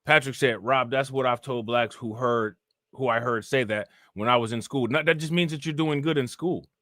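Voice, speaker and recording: Male streamer host, bright edgy tone, animated slangy rant, dry close mic. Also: mid-range voice, moderate pace, dry recording. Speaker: livestream host reacting to news. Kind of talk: casual livestream commentary.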